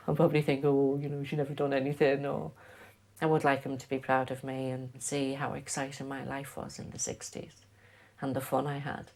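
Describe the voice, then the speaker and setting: An older woman, lively telling stories from her past in an interview. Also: extremely low pitch. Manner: lively storyteller, acts out quotes. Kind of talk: reminiscing interview.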